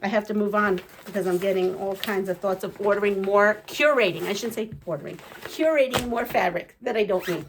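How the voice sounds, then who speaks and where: A woman chatting casually as a quilting vlogger, gushing and excitable, rambling with lots of fillers. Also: medium pitch, brisk, hardly any pauses, a little hiss or hum. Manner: gushing and excitable, gasps and giggles. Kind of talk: casual unboxing chat.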